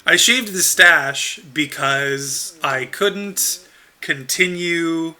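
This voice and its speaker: A man's voice: a little high, drawn-out words, bright, forceful tone, soft background music. A man streaming a video game, chatting casually and answering chat in a rambling way with frequent ums.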